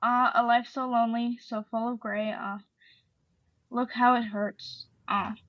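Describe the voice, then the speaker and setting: A soft-spoken woman with a slightly high voice reads a poem slowly and then talks it over, pausing with fillers. The sound is dry and a little dull, as if from a home podcast mic. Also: level tone, no room sound. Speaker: poetry podcast co-host. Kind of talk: poetry reading and casual discussion.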